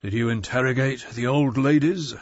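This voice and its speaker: A man's voice: mid-range voice, moderate pace, no echo, dull audio, close to an everyday voice. A man voicing a wry, easygoing male police detective in an audiobook. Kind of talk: audiobook character voice.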